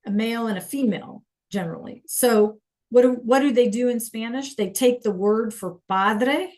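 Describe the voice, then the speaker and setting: A woman's voice: fairly high pitch, normal speed, darkish tone. A woman teaching a Spanish class online over a video call, patient and checking in with students often.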